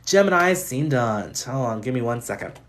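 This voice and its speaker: A man's voice: mid-range voice, animated, moderate pace, fairly bright tone. A man hosting a live stream, giving casual astrology readings in a chatty way, often laughing and reeling off chart placements.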